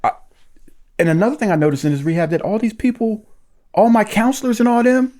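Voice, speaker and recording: A man sharing his recovery story in casual conversation, lively and acting out the voices of the people in it. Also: high-pitched, fast talker.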